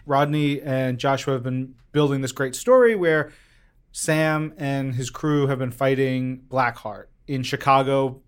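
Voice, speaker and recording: A man co-hosting a casual podcast chat, telling stories with animated enthusiasm. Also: mid-range voice, measured pace, clear, resonant tone. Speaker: podcast co-host reviewing comics.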